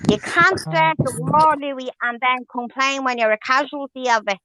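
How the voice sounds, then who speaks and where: A woman's voice: high voice, steady tone, normal speed, bright, forceful tone, a little hiss or hum. Angry swearing woman ranting on a stream. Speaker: livestream host. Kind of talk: heated livestream rant. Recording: dull lo-fi stream audio.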